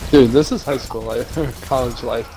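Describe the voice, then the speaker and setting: A man's voice: medium pitch, steady tone, normal speed, warm tone, slight background noise. A man on voice chat with a friend who laughs a lot and teases in a profane, joking way. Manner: laughs often, teasing and profane. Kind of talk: casual gaming chat.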